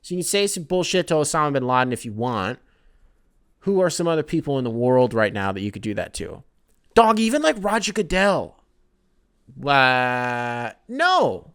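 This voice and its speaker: A young man hosting a podcast, ranting casually with lots of swearing and quick put-on quotes. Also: a little high, very animated, smooth. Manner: profane, rambling, jumps into mocking quoted voices. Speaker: podcast host. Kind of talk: casual comedic rant.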